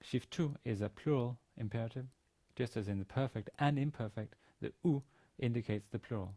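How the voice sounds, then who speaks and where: Brisk and dark-toned, with a mid-range pitch, this male university lecturer leads a Biblical Hebrew lesson. He methodically reads sentences aloud in Hebrew, translates each one, and explains the grammar step by step.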